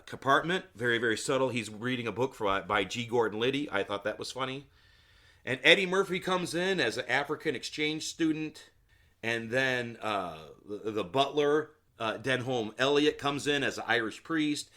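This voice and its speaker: A man's voice: mid-range voice, pushed and bright. A rambling man hosting a solo podcast. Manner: casual, rambling, many filler words and asides; opinionated, talks to the listener directly. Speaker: podcast host. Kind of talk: solo comedy podcast movie recap.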